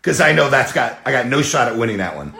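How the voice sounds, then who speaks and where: A man's voice: mid-range voice, sing-song, quick pace, vocal fry, pushed and bright, reverberant. A man hosting a podcast in casual chat, joking and laughing often as he interviews guests. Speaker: podcast host.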